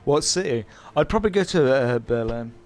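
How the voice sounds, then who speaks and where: A man's voice: medium pitch, animated, fairly quick, a little mellow, faint music behind. A young man with a British accent chatting casually while streaming a game, rambling and hesitant with many fillers and short laughs. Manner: laughs between remarks. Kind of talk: casual chat while gaming.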